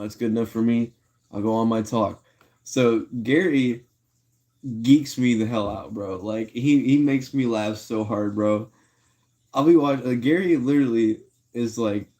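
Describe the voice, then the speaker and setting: A man's voice: medium pitch, dark tone. Laid-back slangy man livestreaming. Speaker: live streamer. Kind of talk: casual livestream chat.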